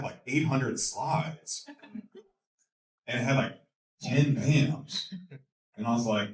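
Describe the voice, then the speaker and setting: A man as a guest speaker at a talk, telling a story with lots of energy, laughing and repeating words as he gets excited. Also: medium pitch. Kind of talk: animated storytelling in a Q&A. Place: lecture hall. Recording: echoey hall, mic from a distance.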